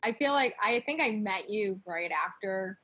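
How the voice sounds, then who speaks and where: A woman hosting an interview, gently prompting her guest with questions and short encouraging replies. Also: mid-range voice, animated, normal speed, breathy edge, rough recording. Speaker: interview host.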